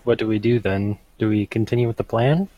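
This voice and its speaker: A man playing a tabletop role-playing game, joking and speaking his character in quick asides. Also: on the low side, warm tone, rough recording. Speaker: player. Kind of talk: casual tabletop play.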